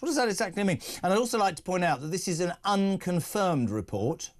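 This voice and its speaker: A man's voice: sits high, animated, fast talker, hardly any pauses. A man hosting a radio talk show, brash and mocking as he chats with a guest. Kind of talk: opinionated drive-time chat.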